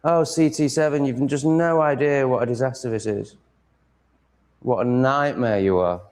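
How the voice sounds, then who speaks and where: A man's voice: medium pitch, normal speed, a little mellow. A man vlogging at home, swearing a lot as he rants in a casual, exasperated monologue. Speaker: vlogger setting up a live stream.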